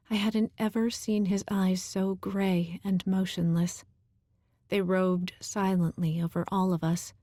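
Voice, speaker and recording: A woman reading an audiobook aloud in measured, even scripted narration. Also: lowish voice, no echo, clean studio sound.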